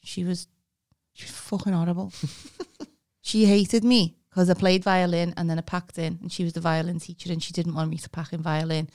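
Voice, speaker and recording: A woman's voice: fairly low pitch, flat delivery, brisk, a little mellow. A woman in casual chat, telling rambling childhood stories with plenty of swearing. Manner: rambling anecdotal storytelling with swearing.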